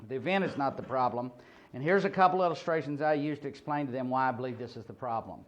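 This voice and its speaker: A man's voice: mid-range voice, quick pace. A man training people at a ministry seminar, talking informally with stories, many fillers and restarts. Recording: muffled lo-fi recording.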